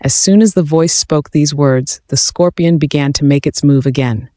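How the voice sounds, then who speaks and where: A man reading a first-person fantasy story aloud in an even, steady narration. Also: on the high side, normal speed, dry recording.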